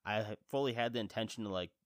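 A man in his thirties hosting a casual talk show, rambling, self-deprecating and a little congested, jumping into lively reactions when he quotes himself. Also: on the low side, quick pace, no room sound, clean studio sound. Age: 30s. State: congested chest. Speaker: podcast host. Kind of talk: casual chat.

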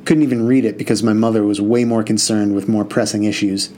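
A man's voice: fairly low pitch, fairly even intonation, a little fast, warm tone, a little hiss or hum. A man narrating a first-person novel in an earnest, conversational way. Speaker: audiobook narrator.

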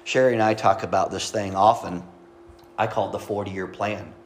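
A middle-aged man preaches a sermon in a low voice, reading scripture and then talking it over in a loose, conversational way. He makes small jokes and speaks straight to the congregation. A faint hum of noise sits under his voice. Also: steady tone, normal speed. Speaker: pastor.

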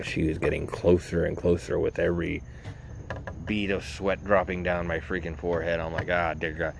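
A deep-voiced man hosts a podcast, telling a loose, rambling story in casual talk. He keeps tossing in fillers and acts out his own reactions as he goes. A faint hiss sits under his voice. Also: steady tone, measured pace, vocal fry, long pauses. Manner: rambling, full of "you know" and fillers. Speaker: podcast host.

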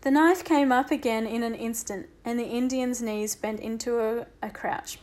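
A woman narrating a children's audiobook with a lively, expressive reading. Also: fairly high pitch, normal speed.

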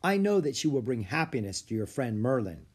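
A man voicing a dignified male emperor penguin in a storybook, formal and measured. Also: mid-range voice, sing-song, a little mellow, breathy edge. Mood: solemn. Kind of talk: audiobook character voice.

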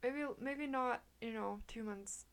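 A woman's voice: fairly high pitch, slow pace, smooth. A young woman co-hosting a podcast, chatting casually in a playful, giggly way. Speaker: podcast co-host. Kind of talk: casual chat.

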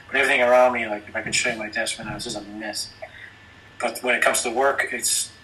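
A man's voice: medium pitch, steady tone, quick pace, pushed and bright, recorded from a distance, slight background noise, poor audio. An Irish man from Ireland telling rambling, profane anecdotes in a casual podcast chat. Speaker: podcast guest.

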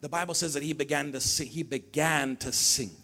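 A man's voice: on the high side, brisk, bright, forceful tone, a little hiss or hum. A male pastor preaching to his church, firing questions at the congregation and repeating phrases. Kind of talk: lively sermon with call-and-response. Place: church service.

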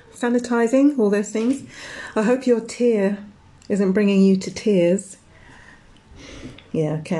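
A woman hosting a reflective podcast from a greenhouse, talking in an encouraging way and stringing words together in slow lists. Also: medium pitch, dark tone. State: out of breath. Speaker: podcast host.

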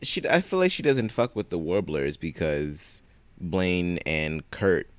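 A man's voice: deep voice, slow pace, dry recording. Profane, ranting podcast man, dry sound. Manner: animated and profane, with sarcastic rants. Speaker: podcast co-host. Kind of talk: casual chat.

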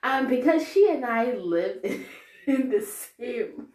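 A young woman hosting her own podcast, giving a rambling, chatty, animated solo update. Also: a little high, slow. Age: young adult. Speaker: podcast host. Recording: roomy echoey room.

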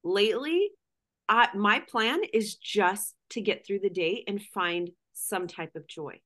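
A woman's voice: mid-range voice, slow pace, a bit bright. A middle-aged woman guest speaking candidly and emotionally in casual conversation, full of "like".

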